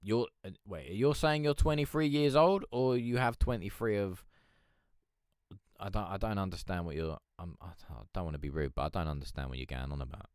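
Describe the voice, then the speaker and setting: Live-stream host, man, low droll Eeyore voice, casual and sweary, close dry mic. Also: fairly quick, a little mellow, clean tone, no echo. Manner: chatty, swearing, laughing, reading chat aloud. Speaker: livestream host.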